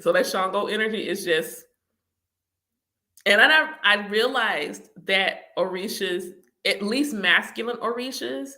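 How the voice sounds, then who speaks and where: A woman's voice: mid-range voice, measured pace, bright, forceful tone. A woman hosting her own channel, telling personal stories casually with lots of laughter and acted-out reactions. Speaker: channel host.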